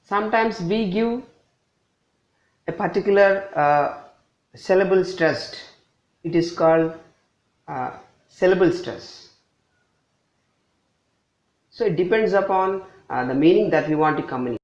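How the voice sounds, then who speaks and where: A man with an Indian English accent giving a pronunciation lesson, patiently repeating example words slowly for emphasis. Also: high voice, a little mellow, dull audio. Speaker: English teacher.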